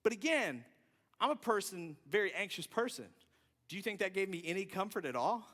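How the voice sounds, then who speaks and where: A man telling a personal story in a sermon, self-deprecating and animated. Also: high voice, brisk. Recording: long reverb from a large hall.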